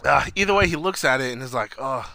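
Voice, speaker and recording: A man's voice: medium pitch, quick pace, vocal fry. A man casually recapping a TV episode, acting out characters' lines, swearing and laughing as he tells it. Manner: animated storyteller, acts out lines, swears, laughs. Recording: noisy recording.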